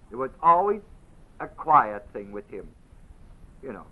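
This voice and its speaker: Lively dramatic preacher man, lo-fi tape. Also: mid-range voice. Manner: swings from quiet asides to loud dramatic quoting. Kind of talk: sermon. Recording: dull lo-fi audio.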